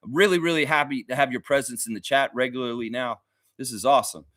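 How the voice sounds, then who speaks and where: A man's voice: medium pitch, quick pace, a bit bright, no echo, studio quality. A man hosting a casual basketball livestream, reading chat messages aloud and reacting bluntly, with profanity and frequent laughter. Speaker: host of a daily basketball livestream.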